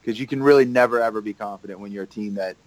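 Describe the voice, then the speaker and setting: A man's voice: on the low side, rapid-fire, no room sound, low-quality recording. A man co-hosting a sports podcast, laid-back and rambling in casual chat. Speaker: podcast co-host.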